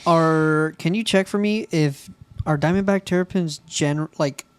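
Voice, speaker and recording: A man with a fairly high voice chats loosely on a podcast, cracking jokes and dropping curse words as he goes. The sound is dry and close to the mic, with no room around it. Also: unhurried, clean tone, dry recording. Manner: joking, swears often. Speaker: podcast co-host. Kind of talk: casual podcast chat. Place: home studio in Florida.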